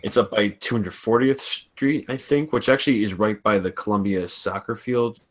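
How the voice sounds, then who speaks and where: A man co-hosting a sports podcast, explaining things in relaxed casual chat. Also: on the low side, moderate pace. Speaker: podcast co-host.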